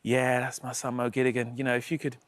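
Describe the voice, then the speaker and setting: A man's voice: mid-range voice, completely flat delivery, fast talker, very noisy, pitched below the performer's own voice, lightly acted. A man voicing his mother as a shrewd, bossy woman who sweet-talks for favours. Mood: coaxing.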